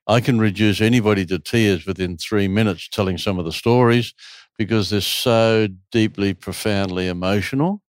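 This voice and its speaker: A man's voice: fairly low pitch, normal speed, smooth, no echo, clean studio sound. Man telling a story with relish. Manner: animated, lively storyteller. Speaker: retreat owner telling stories. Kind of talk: casual storytelling interview.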